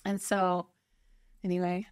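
A woman's voice: on the low side, monotone, slow, dry recording, studio quality. A woman telling her personal story in a candid conversation, earnest and reflective, often restarting her sentences. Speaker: birth mother guest.

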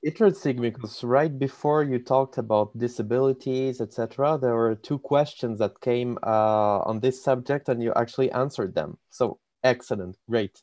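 A man's voice: medium pitch, normal speed, few pauses, darkish tone, dry recording. A man hosting and moderating a live question session, speaking politely with hesitant fillers. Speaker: host.

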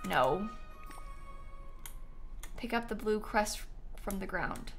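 A woman's voice: mid-range voice, animated, slow, gravelly, soft background music. A young woman streaming a video game live, chatting casually and reading quest text aloud. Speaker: gaming streamer.

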